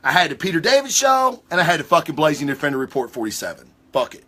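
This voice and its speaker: A man hosting his own show talks in a loose, rambling monologue, excitable and full of swearing. His voice sits a little high and has a bright, forceful edge. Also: fast. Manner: rambling, excitable, heavy cursing. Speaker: host. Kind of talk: casual monologue.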